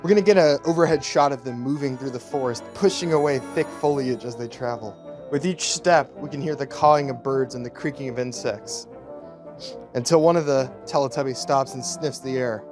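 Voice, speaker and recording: A man reading his own screenplay aloud as a YouTuber, in slow, deadpan scene narration. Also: mid-range voice, music in the background. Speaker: YouTuber writing a movie script.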